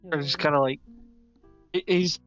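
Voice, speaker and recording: A tabletop player calmly describing what their character does. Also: medium pitch, normal speed, clean tone, highs cut off, faint music behind. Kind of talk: casual tabletop play.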